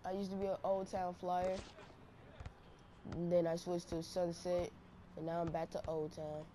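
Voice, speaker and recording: A woman giving excitable, slangy, trash-talking commentary over her own basketball gameplay on a headset mic. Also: lowish voice, moderate pace. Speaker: gaming channel host. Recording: noisy game audio behind.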